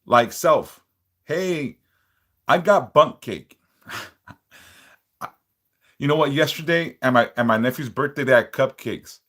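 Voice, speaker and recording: In a mid-range, slightly bright voice, a spiritual worker hosts a casual livestream. He goes through viewers' comments aloud, warning them bluntly and swearing a lot.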